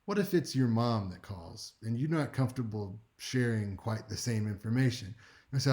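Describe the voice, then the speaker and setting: A man teaching a speech class in a relaxed, conversational lecture, with wry asides and frequent check-ins with his listeners. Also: on the low side, normal speed. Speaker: speech instructor.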